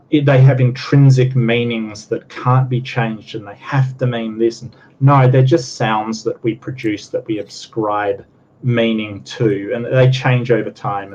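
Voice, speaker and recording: A man's voice: medium pitch, darkish tone. Man arguing over dull lo-fi audio. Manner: emphatic, argumentative, repeats words while restarting. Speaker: panelist on a skeptic discussion show. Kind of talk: casual debate chat. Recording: dull lo-fi audio with faint hiss.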